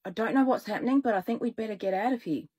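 A woman's voice: a little high, racing, dark tone, husky, voice pushed up. A woman voicing a nervous young girl who stammers uneasily in a children's story. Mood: worried.

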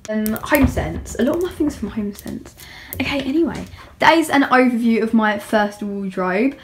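A woman's voice: fairly high pitch, a little hiss or hum. A young woman vlogger chatting casually and rambling as she shows off her bedroom, with many fillers and giggles. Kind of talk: casual room tour.

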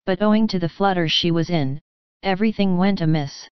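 A woman narrating a classic novel as a bedtime audiobook, with calm, even storytelling. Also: lowish voice, a little fast, clear, resonant tone, no room sound. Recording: dry, slightly dull sound.

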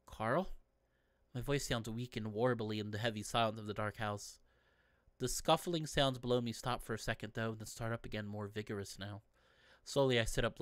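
A man's voice: on the low side, fairly bright tone, no echo. Man reading a visual novel aloud. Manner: playful, breaks off to joke with viewers. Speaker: let's play narrator.

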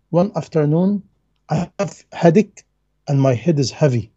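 A man's voice: a little high, animated, measured pace, warm tone, breathy edge, muffled recording. A man giving a religious lecture in non-native English, earnest and emphatic, repeating his key phrases. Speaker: Islamic lecturer.

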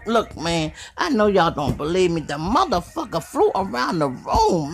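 A woman with a Chicago accent telling a profane comic story, animated and swearing. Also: lowish voice, moderate pace, gravelly, hardly any pauses, soft background music. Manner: animated, swearing, asks "you hear me". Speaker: comedic storyteller.

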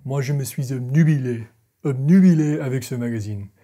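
Mellow, husky-voiced man narrating a video essay. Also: medium pitch, brisk. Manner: playful, self-mocking; dramatic storytelling.

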